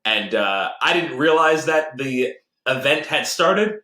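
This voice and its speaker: A man rambling through a story on a casual podcast, with plenty of "like" and "uh," stopping and restarting as he goes. His voice sits at an ordinary middle pitch. The room around him is echoey. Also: expressive, slow, pushed and bright. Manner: rambling storyteller, many fillers and restarts, laughs often. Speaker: podcast co-host. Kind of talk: casual chat about games and movies. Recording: roomy echoey home recording.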